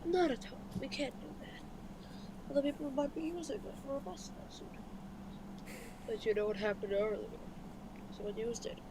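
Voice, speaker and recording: A woman in a loose conversation, answering in quick, defensive bursts. Her voice is fairly high. Clear background noise runs under the recording. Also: animated. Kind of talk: casual chat.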